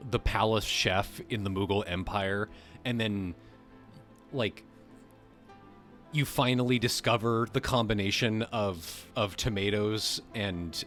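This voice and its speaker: A man's voice: lowish voice, a bit bright. A man hosting a live stream, reading a text aloud and breaking off into joking, casually profane asides to his chat. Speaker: livestream host.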